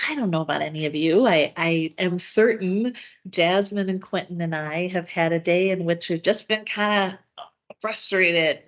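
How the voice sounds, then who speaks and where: A woman teaching on a video call, her pitch sitting in a middle range. She explains caregiving steps in an earnest, conversational way, with plenty of ums along the way. She speaks as the host of an online education session. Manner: warm, earnest explaining with frequent filler words. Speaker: webinar host and dementia care educator. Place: home or office on a video call.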